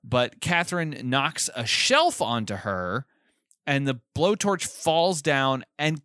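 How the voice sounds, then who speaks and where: A man's voice: mid-range voice, sing-song, takes it slowly, pushed and bright, clear, resonant tone, no room sound, clean studio sound. A man co-hosting a podcast, casually recapping a film's plot with amused laughs. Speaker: podcast co-host. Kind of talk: casual film recap chat.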